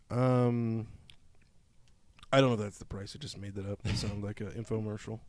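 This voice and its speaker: A man's voice: on the low side, fairly even intonation, normal speed, long pauses, a little mellow. A young man co-hosting a casual gaming podcast, reading news aloud with a joking, infomercial-style delivery. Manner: reads news aloud, then jokes around in an infomercial tone. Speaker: podcast co-host.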